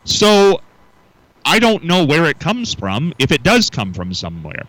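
Middle-aged man, radio host; animated, bright delivery on a dry studio mic, musing and restarting. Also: fairly high pitch, measured pace, no room sound, low-quality recording. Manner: musing, repeats words when restarting. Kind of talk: casual morning radio talk.

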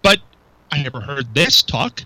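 A man's voice: mid-range voice, very animated, measured pace, bright, forceful tone, slightly rough, low-quality recording. A male radio talk show host, chatting with his co-host, incredulous and full of rhetorical questions. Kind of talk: local talk radio banter. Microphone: studio microphone.

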